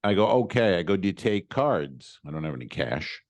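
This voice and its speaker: A man with a fairly low voice tells a comedy podcast story in casual chat. He is animated and exasperated, and he voices the other people in his story as he goes. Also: a little fast. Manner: animated storyteller acting out quoted exchanges, exasperated. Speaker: podcast co-host.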